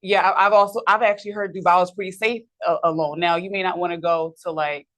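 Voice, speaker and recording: A woman chats candidly and quickly. Her voice sits on the lower side, and she laughs easily. She speaks as a podcast guest. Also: steady tone, a bit bright. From New York. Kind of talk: casual chat.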